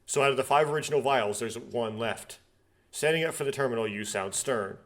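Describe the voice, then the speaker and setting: A young man hosting a let's play reads a visual novel's text aloud in a steady, medium-pitched voice, going a little fast. He keeps breaking off for rambling, nitpicky asides with a dry, sarcastic edge.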